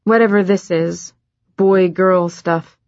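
A woman's voice: fairly low pitch, steady tone, slow, darkish tone, no room sound. A woman voicing a guarded, nervous young woman with wry, hesitant replies, on dry, slightly muffled audio. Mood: awkward.

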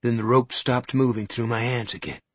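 A man reading a story aloud as narrator, with a measured, suspenseful delivery. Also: medium pitch, fairly even intonation, husky, no echo. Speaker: audiobook narrator. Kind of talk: scripted narration.

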